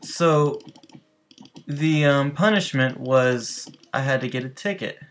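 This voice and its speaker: A man's voice: mid-range voice, takes it slowly, a little hiss or hum. A man hosting a gaming channel, telling loose, rambling stories over gameplay and talking straight to his viewers. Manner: rambling, loose, full of restarts and asides to viewers. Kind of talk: casual storytelling over gameplay.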